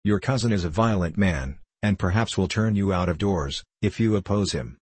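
An anxious, motherly older housekeeper, read by a man who warns gently. The voice is very low and husky. It is recorded close and dry. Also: normal speed, dry recording. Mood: worried. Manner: worried, cautioning. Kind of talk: audiobook character reading.

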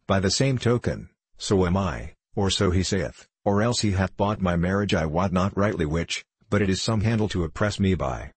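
Low, husky man reading a gentle runaway youth in an old storybook, pleading and archaic. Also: expressive, normal speed, hardly any pauses, no room sound. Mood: earnest. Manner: pleading, old-fashioned speech. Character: timid gentle youth on the run, pious.

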